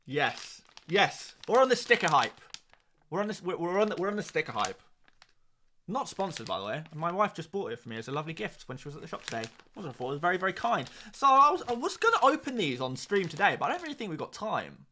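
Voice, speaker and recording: A man chats casually on a live stream, joking with viewers and muttering to himself between points. His voice is bright, fairly high, and swings widely in pitch. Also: very animated, quick pace, slight background noise. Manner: chatty, jokey, muttering asides. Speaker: streamer host.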